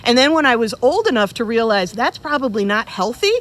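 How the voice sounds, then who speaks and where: A woman in her forties gives a eulogy for her father before a gathered audience at his funeral. Her voice is a little high, bright and expressive, and she moves briskly through funny stories in a loose, chatty way, full of ums and restarts.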